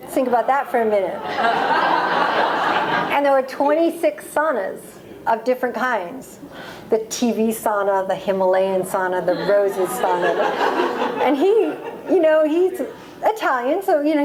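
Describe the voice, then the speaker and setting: A woman in her forties from the United States tells stories at a library talk, quick to laugh. Her voice sits somewhat high. Faint noise hums under the recording. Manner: lively storytelling, laughs often. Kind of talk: reading and audience Q&A. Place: library event room.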